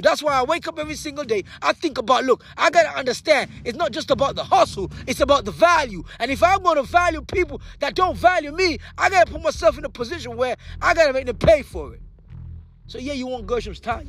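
Super high-pitched guy preaching motivation at you, shouty one sec then dropping way low and quiet. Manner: emphatic preaching, swinging from shouts to hushed low tones; repetitive rallying phrases. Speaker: motivational speaker. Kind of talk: motivational speech.

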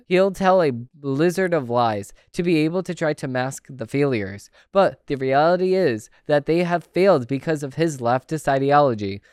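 A man's voice: on the high side, darkish tone, clear, resonant tone, no echo, studio quality. A man hosting a podcast who reads news articles aloud and breaks in with opinionated, conversational asides. He sometimes stumbles and restarts words while reading. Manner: opinionated, conversational asides between read passages. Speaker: podcast host.

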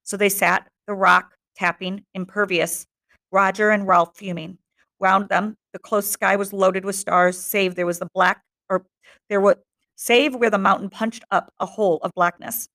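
A woman teacher reading a novel aloud to her class in a steady, measured narration. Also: mid-range voice.

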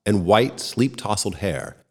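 A man reading a first-person short story aloud in an expressive storytelling manner. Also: lowish voice, takes it slowly. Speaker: narrator. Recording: long reverb.

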